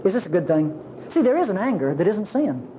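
A woman preaching a sermon in an animated, conversational way, asking the congregation questions. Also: mid-range voice, brisk, dull audio, a little hiss or hum.

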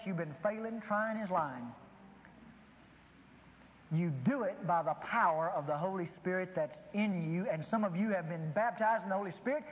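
A man's voice: high-pitched, big-room sound, muffled recording. A man preaching a sermon to a congregation, emphatic and dramatic, acting out dialogues. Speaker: pastor. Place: large room before a congregation.

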